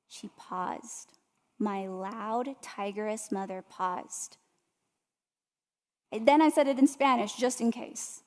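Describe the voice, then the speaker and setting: A woman's voice: mid-range voice, slow, long pauses. A woman giving an inspirational talk and telling stories straight to her audience. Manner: storytelling, addresses the audience directly. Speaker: motivational speaker. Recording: long hall reverb.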